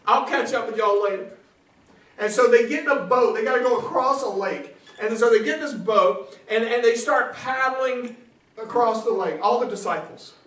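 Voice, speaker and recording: A man from South Carolina with a Southern accent preaching, telling funny stories with laughs and loud bursts. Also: very high voice, normal speed. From South Carolina, USA. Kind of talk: comic storytelling sermon. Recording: echoey hall from far off.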